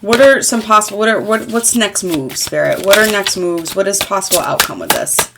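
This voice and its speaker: A woman's voice: mid-range voice, fairly quick, background noise. A woman in her thirties giving a casual tarot reading, rambling and frank, with lots of fillers and mild swearing. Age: 30s. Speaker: tarot reader.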